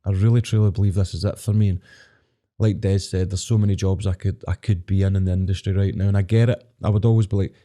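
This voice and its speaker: Fast-talking, dark-voiced Scottish man. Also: low voice, steady tone. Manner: quick, blunt and sweary, often says "mate". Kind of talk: casual chat.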